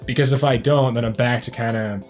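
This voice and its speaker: A man's voice: medium pitch, fairly even intonation, fairly quick, faint music behind. Rambling, reflective male reaction host. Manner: rambling and reflective, heavy use of "like" and "um". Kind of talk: casual reaction commentary.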